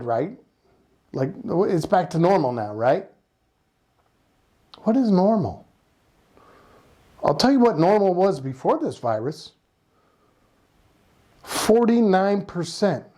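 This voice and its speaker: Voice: medium pitch, darkish tone. A passionate, sarcastic vlogger from the United States, ranting casually about the economy with lots of rhetorical questions. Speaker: economic commentator. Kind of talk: casual opinion vlog rant.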